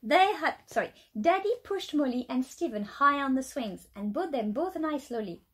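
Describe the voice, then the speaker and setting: A woman teacher reading a children's storybook aloud, with a light British accent, in a lively storytelling way. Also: high voice, moderate pace. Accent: British English.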